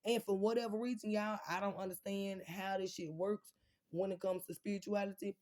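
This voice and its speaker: A woman's voice: medium pitch, fairly even intonation, brisk, darkish tone. A woman chatting casually with her viewers from home, blunt and profane, rambling from one thought to the next as she speaks straight to them. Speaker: vlogger talking to viewers. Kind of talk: casual unscripted livestream chat.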